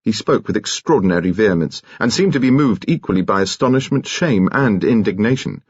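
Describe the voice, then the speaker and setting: Male audiobook narrator, crisp and measured, lively intonation, dry booth. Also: on the low side, no echo, highs cut off. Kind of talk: scripted narration.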